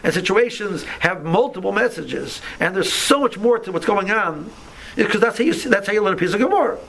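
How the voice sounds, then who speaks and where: A man's voice: sits high, animated, brisk, gravelly, fairly bright tone, low-quality recording. A man teaching an informal Torah class, talking conversationally with many restarts and asides.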